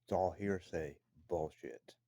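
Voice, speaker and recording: A man's voice: low-pitched, takes it slowly, mellow, no echo. A man delivering an angry, profane, accusatory rant to the camera from his own room downstairs in a house. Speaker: vlogger.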